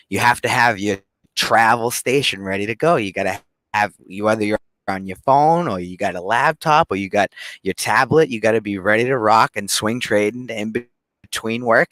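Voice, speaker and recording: A man's voice: lowish voice, fairly bright tone, no room sound. A man with a Boston accent talking casually and upbeat about swing trading on a livestream. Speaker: guest trader presenting a show.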